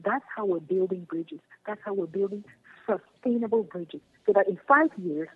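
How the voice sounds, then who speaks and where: A woman's voice: mid-range voice, moderate pace, breathy edge. A woman, a guest speaking earnestly and passionately over the phone, repeating her key phrases. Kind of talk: phone interview. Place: home in Germany. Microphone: phone line. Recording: tinny phone line.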